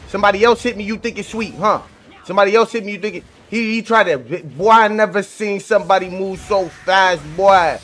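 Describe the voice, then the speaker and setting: A man commentating live gameplay on his channel, full of slangy trash talk, swinging from low mutters to excited yelling. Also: fairly quick, slight background noise. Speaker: gaming channel host.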